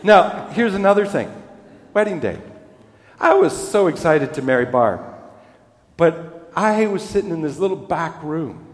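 Man, pastor, conversational sermon, self-deprecating storytelling, somewhat high voice, reverberant church hall. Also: very animated, unhurried, pauses often.

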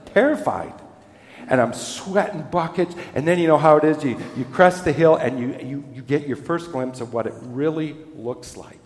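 A man's voice: fairly high pitch, normal speed, hardly any pauses. Man preaching in an echoey hall. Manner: conversational storytelling with self-deprecating humor. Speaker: pastor. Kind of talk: sermon.

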